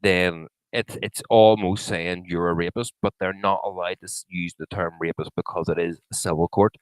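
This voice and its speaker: A man's voice: sits low, fairly even intonation, moderate pace, no room sound, poor audio. A man co-hosting a podcast, arguing his point in casual, sweary chat. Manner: argumentative, sweary, hesitant restarts. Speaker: podcast co-host.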